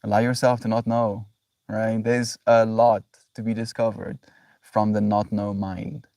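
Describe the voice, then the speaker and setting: Reflective low-voiced man streaming. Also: flat delivery, measured pace, dark tone, no room sound, far from the mic. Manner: reflective, repeats "right?", effusive affection. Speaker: daily livestreamer. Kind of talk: casual spiritual livestream talk.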